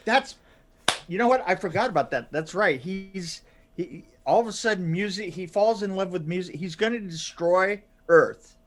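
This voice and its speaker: Halting, higher-voiced man chatting. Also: slight background noise. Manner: halting, many fillers and restarts, laughs often. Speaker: podcast co-host. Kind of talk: casual chat.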